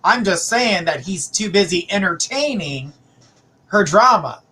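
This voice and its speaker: A man's voice: sits high, lively intonation, a little slow, pushed and bright. A man hosting a live psychic reading, giving blunt, emphatic advice with repeated phrases. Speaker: psychic reader, show host.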